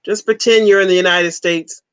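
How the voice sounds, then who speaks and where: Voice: medium pitch, fairly even intonation, moderate pace, a bit bright, clean tone, no echo, poor audio. A host in their forties chatting casually on a livestream, laid-back and chuckling, repeating short replies. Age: 40s.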